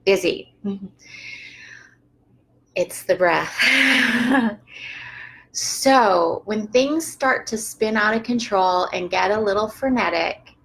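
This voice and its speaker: Calm woman guiding a breathing practice. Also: mid-range voice, poor audio. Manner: calm, unhurried guidance with frequent soft laughs. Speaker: yoga teacher. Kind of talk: live-streamed yoga and breathing instruction.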